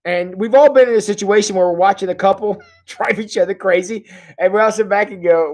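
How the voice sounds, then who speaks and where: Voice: mid-range voice, darkish tone. A pastor giving a casual, joking livestream sermon and reading viewer comments aloud, often stopping and restarting mid-sentence. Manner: jokey, conversational, halting restarts. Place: church.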